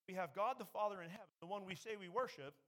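A man's voice: high voice, fast, fairly bright tone. A man preaching a sermon, emphatic, raising his voice when he quotes scripture. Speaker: pastor.

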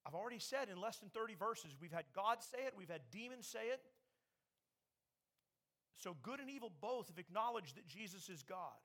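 Man, preacher, sermon, emphatic, bright tense tone. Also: high-pitched, animated, moderate pace. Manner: emphatic preaching, quoting scripture with raised voice. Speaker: pastor.

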